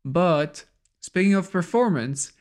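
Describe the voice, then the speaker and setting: A man's voice: sits high, expressive, takes it slowly, darkish tone. A young French man with a French accent hosting a podcast in an upbeat, casual way, laughing easily. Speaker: podcast host.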